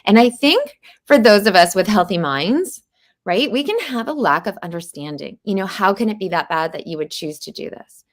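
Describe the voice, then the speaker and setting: A woman's voice: medium pitch, very animated, moderate pace. A woman in her forties hosting a podcast interview, speaking earnestly and with emphasis. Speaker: podcast host.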